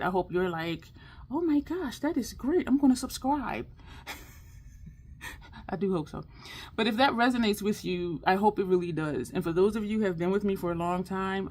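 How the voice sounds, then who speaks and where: A woman hosting her makeup channel, chatting casually and upbeat while doing her look, speaking straight to her viewers in an affirming way. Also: on the low side. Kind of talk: casual makeup tutorial chat.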